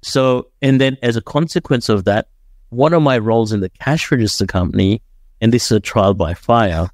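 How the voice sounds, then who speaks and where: A man's voice: mid-range voice, normal speed, no room sound, clean studio sound. A young adult man from Dubai, a podcast guest telling his story in casual chat, often tagging sentences with "right?". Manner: storytelling, frequent "right?" tags.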